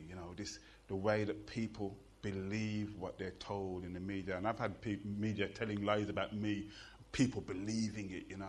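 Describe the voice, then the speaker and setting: A middle-aged man with a Birmingham Jamaican accent, telling jokes and stories and reciting poetry on stage in an animated, rhythmic way. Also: fairly low pitch. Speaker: poet and performer. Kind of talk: live storytelling and poetry performance.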